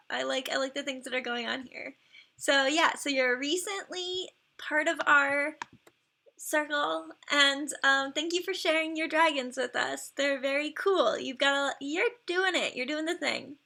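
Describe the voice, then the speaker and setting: High, bright-voiced gushing woman streamer. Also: a little slow, creaky. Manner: chatty and effusive, gushing praise; laughs often between remarks. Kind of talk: casual live-stream commentary.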